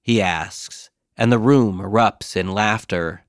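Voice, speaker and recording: A man reading his own scripted comic diary as a podcast host, in a deadpan, dryly self-mocking way. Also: lowish voice, slow, few pauses, no room sound, studio quality.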